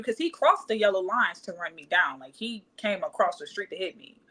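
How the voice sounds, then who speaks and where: Young woman from Cleveland, bright tone, casual and animated storyteller. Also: medium pitch, moderate pace, low-quality recording. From Cleveland, Ohio. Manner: animated, acts out quotes, laughs often. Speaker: podcast guest.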